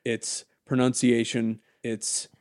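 A man talking casually on a podcast, rambling through stories in a mid-pitched voice. He gets animated and swears freely. The mic is close and the sound is dry. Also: takes it slowly, no room sound. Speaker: podcast co-host.

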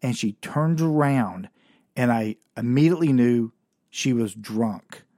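Dude telling a funny work story, laid back slangy, dry close sound. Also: male voice, medium pitch, lively intonation, unhurried, warm tone, no room sound. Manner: casual, slangy, wry. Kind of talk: comic personal storytelling.

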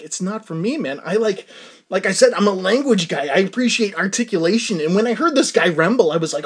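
A man hosting a casual music reaction, excitable and laughing often as he tells stories. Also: high voice, slightly rough.

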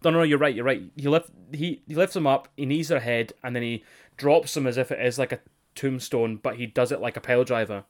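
A man's voice: medium pitch, brisk. A man in his twenties, co-hosting a wrestling podcast in a casual chat, laughing often and swearing casually. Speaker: podcast co-host.

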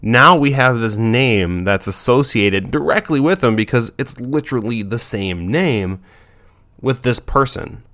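A man's voice: medium pitch, expressive, unhurried, a bit bright. A man giving casual advice about naming dogs, rambling and breaking off his own sentences. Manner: rambling, self-interrupting, loose and informal.

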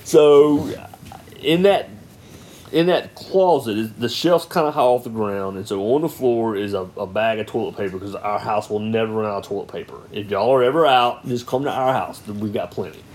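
A man telling a family story in casual podcast chat, lively and playful. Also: fairly low pitch, moderate pace, slight background noise. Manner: animated storyteller, acts out voices.

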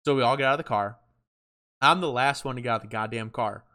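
A man's voice: medium pitch, fast, pushed and bright. A young man co-hosting a podcast, telling a story in casual chat with lots of swearing and acted-out quotes. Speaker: podcast co-host.

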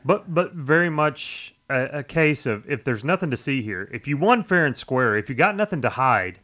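A man's voice: medium pitch, lively intonation, moderate pace, few pauses, fairly bright tone. A man co-hosting a podcast, arguing his point emphatically in a casual political chat. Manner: emphatic, argumentative. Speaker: podcast co-host.

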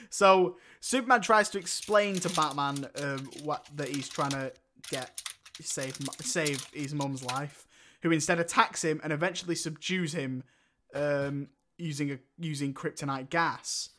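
A man's voice: a little high, unhurried, fairly bright tone, slight background noise. A young man, co-hosting a casual film review podcast, joking and laughing often as he retells scenes. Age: young adult. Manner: laughs often, jokey, mimics film characters. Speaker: podcast co-host.

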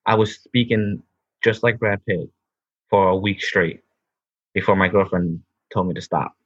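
A man with a husky, slightly low voice, co-hosting an easygoing chat. The recording is dry and a little dull, and his tone stays enthusiastic. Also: a little slow, no echo. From United States. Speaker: podcast co-host. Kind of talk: casual chat, then reading a script.

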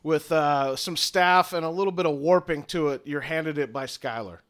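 Man, young adult, game master, chatty, fillers, fairly high, smooth voice. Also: moderate pace. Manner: relaxed, laughing, chatty with filler words. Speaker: game master and podcast host. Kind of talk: narrating a tabletop game podcast.

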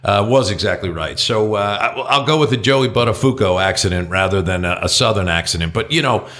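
A man's voice: fairly low pitch, a little fast, fairly bright tone. A man co-hosting a casual political talk show, blunt and swearing freely, trailing off into restarts. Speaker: podcast co-host.

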